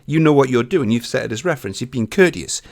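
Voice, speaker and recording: A man presenting a casual software tutorial, chatty and informal, acting out both sides of his stories. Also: medium pitch, lively intonation, quick pace. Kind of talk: casual screen-recorded tutorial.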